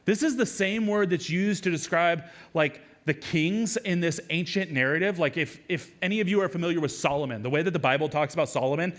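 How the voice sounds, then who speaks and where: A male pastor with a somewhat high voice delivers a lively sermon. He keeps it conversational, throwing in quick asides and repeating words as he goes. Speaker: lead pastor.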